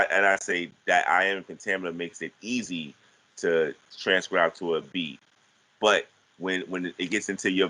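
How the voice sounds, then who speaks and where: A man talking casually about teaching verse, halting with frequent restarts and repeated words. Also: deep voice, bright, forceful tone, low-quality recording. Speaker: guest teaching artist. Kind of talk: casual conversational teaching talk.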